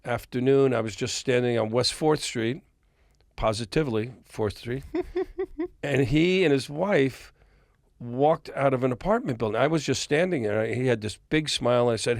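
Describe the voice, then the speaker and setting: A man's voice: mid-range voice, no echo, studio quality. An older man, a music industry guest on a podcast, telling long stories and acting out the dialogue. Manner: animated storyteller, acts out quoted dialogue. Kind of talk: storytelling in a podcast interview.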